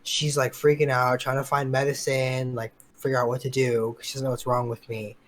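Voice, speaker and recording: A man's voice: mid-range voice, little pitch movement, a little fast, a little hiss or hum. A young man co-hosting a podcast, telling a long story in a casual, rambling way with lots of fillers and quoted dialogue. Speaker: podcast co-host.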